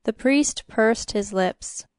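A woman narrating a story in a measured, even storytelling manner. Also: a little high, clean tone, dry recording, studio quality.

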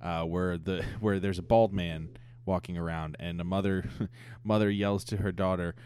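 A young man with a fairly low voice chats casually as a podcast co-host. He talks in a loose, relaxed way, full of small fillers. He is reviewing a cartoon episode. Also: normal speed, clear, resonant tone. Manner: laid-back, frequent "um" and "yeah", laughs at jokes. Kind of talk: casual chat.

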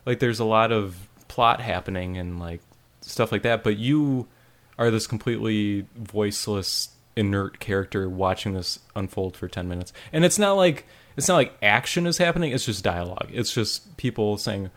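A man chatting casually about a video game, rambling with lots of "like" and animated retelling. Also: on the low side, moderate pace. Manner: rambling, frequent "like", animated storytelling. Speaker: podcast co-host reviewing a game. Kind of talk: casual chat.

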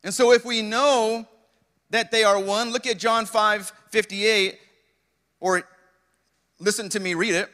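A young male pastor preaching in a church with a long hall echo around him. His voice sits high and ringing, and he takes his time, pausing often and checking in with the congregation. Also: steady tone, bright, forceful tone. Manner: preaching with call-outs to the congregation. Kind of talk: sermon.

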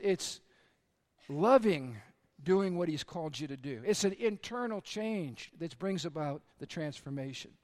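A middle-aged pastor with a high voice preaches a sermon full of earnest personal stories, going quiet for confessions and lifting his voice for the punchlines.

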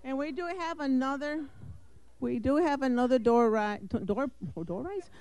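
A woman's voice: high voice, normal speed, darkish tone, clean tone. A woman announcing door prize winners at a live event, laughing and stumbling over her words.

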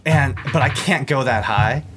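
A man's voice: medium pitch, moderate pace, a bit bright, soft background music. A young man, a podcast guest, talking in a loose, rambling way with lots of fillers and restarts. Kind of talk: casual chat.

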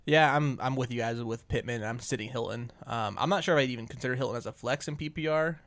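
A man's voice: medium pitch, quick pace, a bit bright, no room sound. Easygoing man in podcast banter. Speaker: fantasy football podcast co-host. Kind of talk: casual podcast chat.

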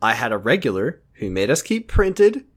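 A young man co-hosting a podcast, swearing freely and telling work stories in lively casual chat. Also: mid-range voice, moderate pace. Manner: animated, swearing storyteller. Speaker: podcast co-host.

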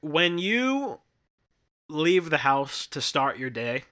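A young man co-hosting a podcast, telling an animated story with lots of laughs and restarts. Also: on the high side, takes it slowly. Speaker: podcast co-host. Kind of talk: casual chat. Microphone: headphones and studio mic.

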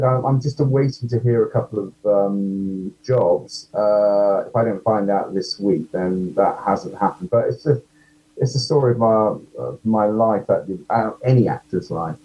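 A man's voice: lowish voice, normal speed, warm tone, muffled recording. A man, an actor guest, chatting casually in an interview, self-deprecating and full of ums.

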